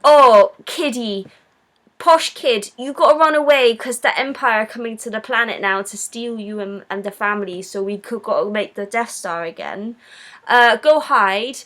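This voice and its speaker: A woman's voice: fairly high pitch, moderate pace, fairly bright tone, pitched below the performer's own voice, close to an everyday voice. A woman putting on a mocking posh voice for a fussy film father. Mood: flustered.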